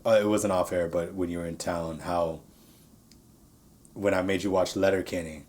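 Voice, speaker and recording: A man with a fairly low voice hosts a relaxed podcast chat. He teases his guests bluntly and states his opinions flatly. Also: normal speed. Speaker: podcast host. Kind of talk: casual chat.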